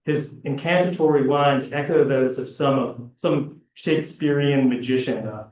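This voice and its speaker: A man's voice: mid-range voice, moderate pace, a little mellow. A man presenting an academic paper at a conference panel, reading a prepared analysis with occasional fillers and restarts. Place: large lecture hall. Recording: echoey hall, distant, dull lo-fi.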